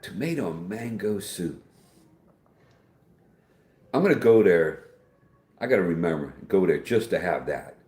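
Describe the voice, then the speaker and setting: Deep-voiced chatty livestream host. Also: male voice, animated, unhurried, pauses often, darkish tone, roomy sound. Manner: folksy and chatty, calls everyone man or dude. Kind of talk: casual livestream chat, reading viewer comments.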